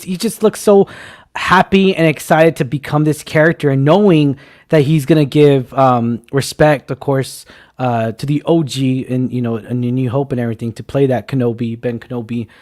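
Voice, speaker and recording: A man co-hosting a movie talk show, excitable and jokey in casual chat. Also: mid-range voice, a little fast. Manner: excitable, jokey, restarts a lot. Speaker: podcast co-host.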